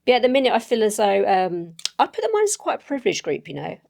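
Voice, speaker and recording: A woman's voice: mid-range voice, wildly swooping pitch, racing, gravelly, a little mellow. A woman playing a solo tabletop game, thinking aloud as she writes, hesitant and full of self-corrections.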